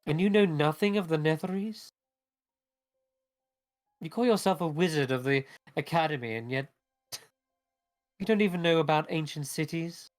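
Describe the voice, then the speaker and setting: A man's voice: on the high side, lively intonation, normal speed, faint music behind, close to an everyday voice. A man playing a haughty, scornful sorceress. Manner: curt, dismissive. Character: cold, haughty woman mage.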